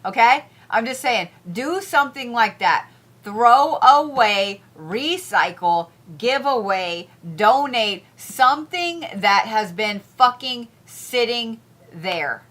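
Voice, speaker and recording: A woman's voice: on the high side, animated, slow pace, a bit bright. A woman hosting casual zodiac and crystal reads, blunt and profane, repeating herself as she talks. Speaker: spiritual reader, host.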